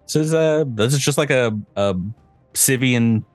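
A man narrating as game master of a tabletop game, talking in a halting way with many restarts. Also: medium pitch, no echo, faint music behind.

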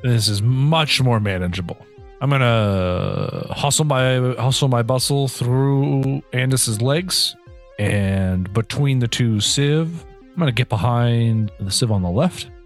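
A man's voice: mid-range voice, lively intonation, slow, soft background music. A man playing a tabletop game on a video call, playful and given to exclamations. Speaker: player. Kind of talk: casual tabletop play.

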